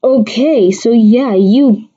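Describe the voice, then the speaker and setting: A woman's voice: a little high, takes it slowly, dark tone. A woman hosting a casual livestream weather forecast, rambling with many restarts while answering viewers. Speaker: amateur weather forecaster host. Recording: dull lo-fi stream audio.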